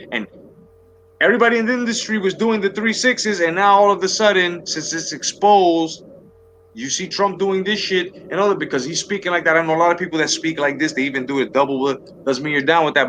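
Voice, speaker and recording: A man's voice: on the high side, fairly bright tone, a little hiss or hum. Profane, ranting male talk host. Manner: profane, heated, repeats himself and restarts often. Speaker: livestream talk show host. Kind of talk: heated political rant to a live chat.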